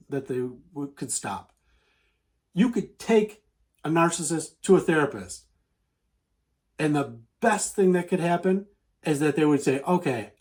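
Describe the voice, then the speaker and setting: A man's voice: medium pitch, a little mellow. A man venting to camera in an earnest, repetitive advice monologue, often acting out the people he talks about. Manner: earnest, repetitive, acts out quoted voices. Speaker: advice vlogger.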